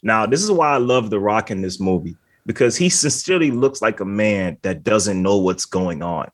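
A podcast co-host with a lowish voice and lively intonation talks at a normal speed. He rambles through a casual chat, stuffing his talk with "like" and laughing often.

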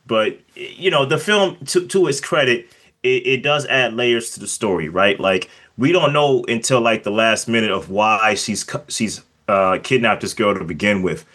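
Low-voiced man rambling about a film. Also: moderate pace, a bit bright. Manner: rambling, many fillers and restarts. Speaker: film reviewer. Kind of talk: casual podcast discussion.

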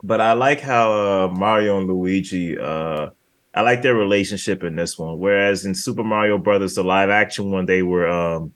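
A man co-hosting a podcast, retelling movie scenes in an animated way, with laughs and many restarts. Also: low voice, moderate pace. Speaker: podcast co-host. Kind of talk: casual movie review chat.

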